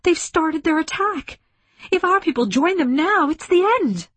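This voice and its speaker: A woman narrator voicing a tense, determined young woman's thoughts in a higher, urgent voice. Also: expressive, a little fast, darkish tone, husky, dry recording.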